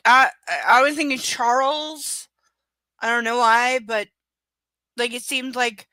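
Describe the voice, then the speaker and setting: A woman reads a romance novel aloud on a live stream, breaking off for chatty, sarcastic asides and casual swearing as both reader and commentator. Her voice is on the high side, pushed and bright, at a normal speed, with no echo.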